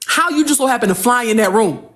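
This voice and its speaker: A high-voiced woman rants on a livestream. She is confrontational, firing off the same rhetorical questions again and again at her critics. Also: animated, fast talker, a bit bright. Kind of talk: heated livestream rant.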